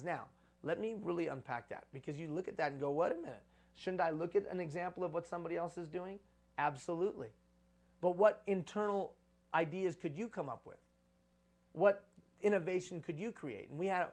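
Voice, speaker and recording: Man, somewhat high voice, conference speaker, preachy, repeats phrases for emphasis. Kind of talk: live conference talk.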